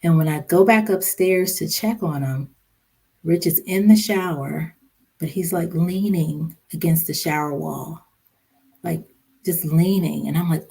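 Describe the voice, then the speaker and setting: Female interview guest with a low, mellow voice, telling a grave personal story haltingly. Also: gravelly, husky. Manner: halting, many "you know" fillers; somber, recounting a hard memory. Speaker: podcast guest, social worker and mother.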